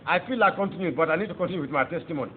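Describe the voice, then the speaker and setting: Nigerian man preaching his testimony, high voice, talks fast and fired up, thin phone-line sound w/ a little hiss. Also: expressive. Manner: fervent, emphatic, rising into exclamations. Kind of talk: testimony sermon. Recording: tinny phone-like audio with faint noise.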